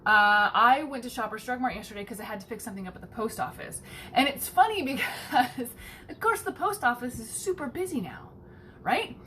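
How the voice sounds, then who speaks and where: A talkative woman chats casually while baking in her home kitchen. She rambles, swears offhandedly and acts out the people in her stories. Her voice sits a little high, with a faint hiss of room noise behind it. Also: a little fast. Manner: chatty, animated, swears casually, acts out quoted people in a higher voice.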